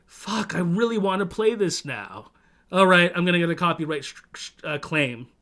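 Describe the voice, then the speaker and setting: A livestream host from Toronto talks at normal speed in a high, animated, bright and forceful voice, rambling with plenty of swearing and self-interruptions.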